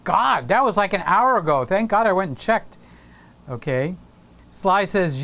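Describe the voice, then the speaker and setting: A woman's voice: lowish voice, lively intonation, moderate pace, fairly bright tone. A woman hosting a live stream in a casual, playful way, reading viewer comments aloud, teasing, and now and then breaking into a sung snippet.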